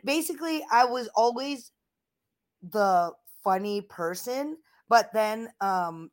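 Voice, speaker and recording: A woman in her thirties, a comedian guest chatting casually on a podcast and acting out the voices of people she quotes in lively stories. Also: mid-range voice. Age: 30s.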